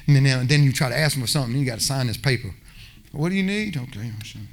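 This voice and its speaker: A man's voice: medium pitch, rapid-fire. A man preaching a passionate sermon, acting out little voices as he goes.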